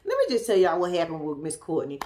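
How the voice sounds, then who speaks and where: A woman's voice: fairly low pitch, huge pitch swings, quick pace, a little mellow. A woman giving a sassy, casual recap of a reality TV episode, acting out the cast's lines in her own voice. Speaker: reality TV commentator.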